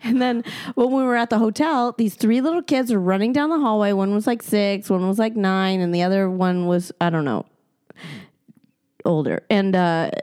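Young woman co-host, lively, profane storyteller, laughs through the talk. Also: mid-range voice, moderate pace, smooth. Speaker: podcast co-host. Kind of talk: casual comedic storytelling.

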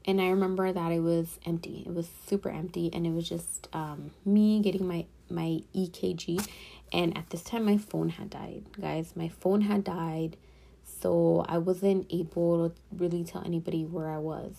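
A young woman telling a personal story to her viewers in a casual vlog, speaking softly and often dropping into a whisper. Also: on the low side, fairly even intonation, normal speed, vocal fry. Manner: soft-spoken, slipping into whispers. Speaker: vlogger.

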